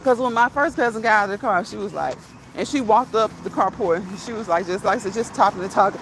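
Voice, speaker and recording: A woman chatting to her viewers as she walks outdoors, animated and quick to laugh. Her voice sits at a middle pitch for a woman. A faint background hiss runs under her talk. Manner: animated, laughs often, addresses viewers as y'all; reads live chat comments aloud. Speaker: vlogger. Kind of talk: casual storytelling while walking. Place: outdoors on a walk.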